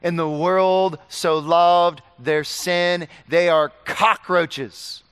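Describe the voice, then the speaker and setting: Preacher, male, impassioned sermon delivery, smooth resonant voice, somewhat high, long hall reverb. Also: steady tone, very slow. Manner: impassioned, swings from loud urgent pleading to quiet earnest warning.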